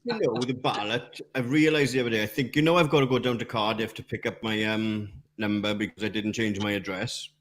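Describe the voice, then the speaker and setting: A man's voice: fairly low pitch, fairly even intonation, fairly quick, hardly any pauses. A man hosting a running podcast, bantering casually with friends and swearing now and then. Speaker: podcast host. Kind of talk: casual chat.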